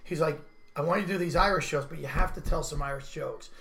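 A man's voice: on the high side, fast talker, gravelly, a bit bright. A man who hosts a comedy podcast, chatting casually and telling stories about his gigs. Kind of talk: casual chat.

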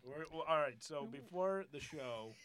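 A man's voice: fairly high pitch, expressive, normal speed, a crowd in the background. A man co-hosting a comedy podcast, bantering casually and laughing often. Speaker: podcast co-host.

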